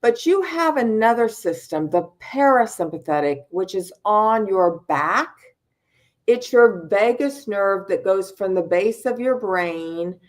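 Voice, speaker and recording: A middle-aged woman giving a calm, unhurried mindfulness talk over a video call and guiding a breathing exercise. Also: medium pitch. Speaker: mindfulness speaker.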